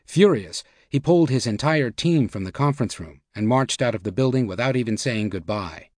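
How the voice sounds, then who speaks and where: Reading a nonfiction audiobook from a script, this man keeps a steady, measured pace at a plain middle pitch. His voice sounds close and dry, without any echo or surrounding room.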